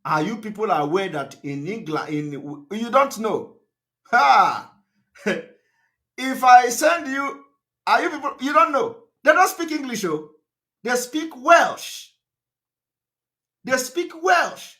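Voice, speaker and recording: Male broadcaster, high bright voice, emphatic speech with repeated rhetorical questions. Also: animated, measured pace. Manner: emphatic, repetitive, asks the audience rhetorical questions; fillers and restarts, pitch swings up and down. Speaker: political broadcaster. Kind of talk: live political broadcast speech.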